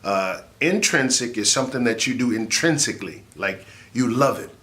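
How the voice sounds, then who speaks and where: A man who is a comedian and laugh therapist gives an animated, jokey motivational talk in a mid-range voice at a moderate pace. For effect, he builds up into shouts.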